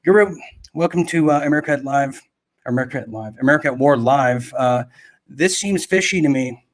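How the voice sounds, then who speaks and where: A man's voice: mid-range voice, brisk. A man hosting a live political commentary show, rambling through stories with mocking asides and self-corrections.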